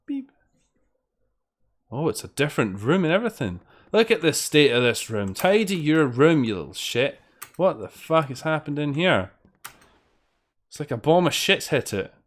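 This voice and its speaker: A man's voice: fairly high pitch, big pitch swings, normal speed, pauses often, a bit bright. A British man swearing freely and bantering sarcastically with his chat while he plays a game on stream. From Britain. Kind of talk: casual gameplay commentary.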